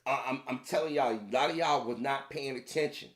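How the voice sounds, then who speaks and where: Another heated rant comes from a commentator with a mid-range voice and a fairly quick pace. He keeps repeating points and speaks directly to his listeners.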